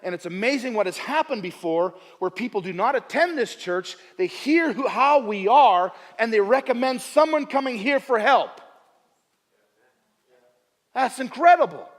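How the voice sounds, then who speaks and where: A male pastor preaching a sermon with humor at his own expense, moving between soft asides and loud emphatic bursts and often repeating his phrases. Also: extremely high pitch, expressive, normal speed, in a large hall. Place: church sanctuary.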